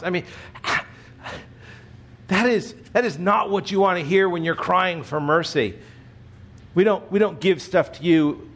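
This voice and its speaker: A man preaching a sermon in an earnest, emphatic way, often clearing his throat. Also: fairly high pitch. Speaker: pastor.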